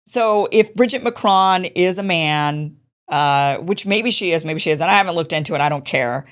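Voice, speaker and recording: A woman's voice: fairly low pitch, moderate pace. A woman hosting a show, giving casual political commentary in a chatty, dismissive way and repeating her points. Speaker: show host.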